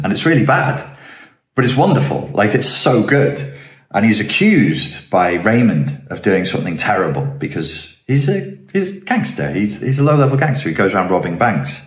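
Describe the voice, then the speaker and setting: A man's voice: low voice, reverberant. A man giving an emphatic self-help monologue, acting out other people's voices as he goes. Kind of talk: motivational monologue.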